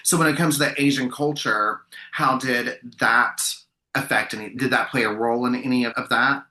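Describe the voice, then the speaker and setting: A man's voice: mid-range voice, steady tone, moderate pace, pushed and bright, echoey room, low-quality recording. A man hosting a podcast, asking curious, polite questions with stammering restarts in a casual interview. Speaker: podcast host.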